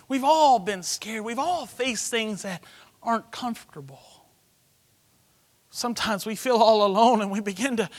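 High, bright preacher man. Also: in a large hall. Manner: emotional, swings from hushed to loud. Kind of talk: sermon storytelling.

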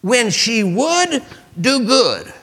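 A man preaching a sermon as pastor, animated, with sudden swings between loud emphasis and hushed asides. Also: extremely high pitch, drawn-out words.

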